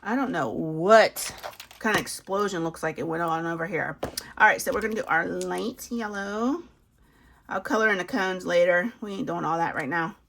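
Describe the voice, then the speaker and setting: A woman's voice: lowish voice, moderate pace, vocal fry, a bit bright, slight background noise. A woman, chatting casually to viewers as she works through a savings challenge, laughing at herself as she goes. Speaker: budgeting video host.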